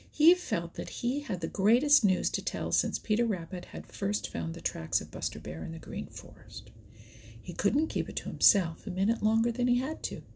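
A woman narrating a children's animal storybook in a soft, often whispery, husky voice. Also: lowish voice. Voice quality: husky, gravelly.

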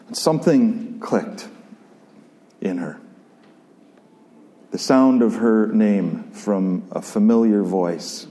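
A man delivers a sermon at an unhurried pace, his voice mellow and low in brightness. He reads scripture and reflects on it in a conversational way, circling back and repeating phrases. His words ring out with a long reverb, as in a church hall. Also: animated. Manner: reflective, conversational, with pauses and repetitions.

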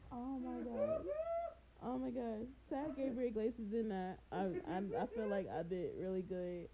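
A woman co-hosting a podcast in casual chat, telling stories in an animated, giggly way and swearing freely. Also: a little high, heavy background noise. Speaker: podcast co-host.

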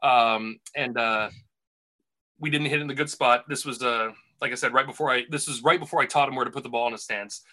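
A man's voice: mid-range voice, steady tone, a little fast, sharp tone. A man casually telling a rambling golf caddy story on a podcast, full of restarts and asides.

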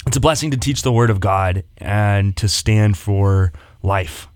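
A low-voiced man speaks as an assistant pastor on a church radio show. He talks earnestly and quotes scripture in a relaxed chat. The sound is dry and close. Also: a little slow, clear, resonant tone, no echo. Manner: earnest, warm about faith, quotes scripture.

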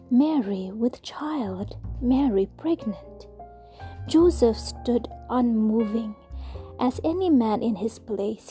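A woman whispering a story aloud in a soft, slow, hushed reading. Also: a little high.

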